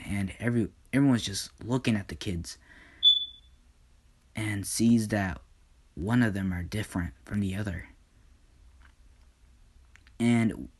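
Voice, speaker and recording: A man narrating an improvised fan story casually, halting often with fillers and restarts. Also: fairly low pitch, a little mellow.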